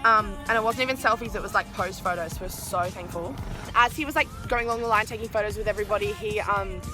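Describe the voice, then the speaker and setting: A young woman vlogging, telling an excited story in a chatty way, full of "like" and swearing. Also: mid-range voice, quick pace, music in the background. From Australia. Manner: chatty, swears a lot, heavy use of "like".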